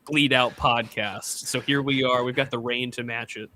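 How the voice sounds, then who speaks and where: A man's voice: medium pitch, fairly even intonation, normal speed, pushed and bright, no echo. A young man hosting a podcast, chatting casually in a sardonic, joking, rambling way. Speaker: podcast host. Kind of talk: casual chat.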